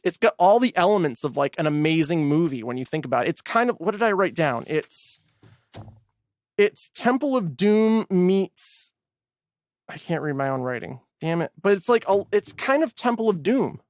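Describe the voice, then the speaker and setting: Excitable man co-hosting a film podcast. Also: high-pitched, normal speed, no room sound, studio quality. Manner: excitable, swears freely. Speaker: podcast co-host. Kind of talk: casual movie review chat.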